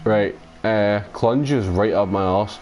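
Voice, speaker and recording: Scottish man, lowish voice, rambling sweary gamer chat during play. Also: takes it slowly, darkish tone, slight background noise. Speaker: gaming channel host. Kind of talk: casual chat while playing a racing game.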